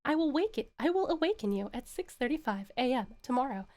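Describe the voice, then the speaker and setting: A woman voicing a calm, robotic female alarm clock that announces the time in flat, measured phrases. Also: high-pitched. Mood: monotone.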